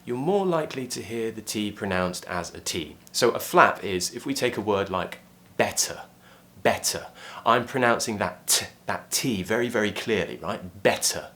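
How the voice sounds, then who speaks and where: Man, British RP accent, slightly low voice, pronunciation teacher, clear demonstrative delivery. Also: expressive, a bit bright. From Britain. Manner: clear, demonstrative, drawn-out model sounds. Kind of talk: online pronunciation lesson.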